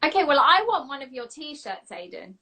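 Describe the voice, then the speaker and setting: A woman's voice: high-pitched, sing-song, normal speed, pushed and bright. A woman with a British accent hosting a live online interview in an upbeat, encouraging, chatty way. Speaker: show host.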